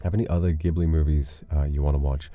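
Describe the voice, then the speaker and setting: A man's voice: rumbling low, fairly even intonation, fast talker, no room sound, highs cut off, soft background music. A man streaming live, rambling casually as he reads donations and chats, with casual swearing. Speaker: livestreamer.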